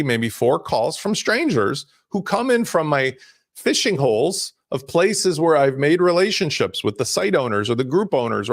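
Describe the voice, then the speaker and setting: A middle-aged man hosting a live business webinar in a casual, energetic way, jumping between examples as he shares his screen. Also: a little high, no echo, clean studio sound.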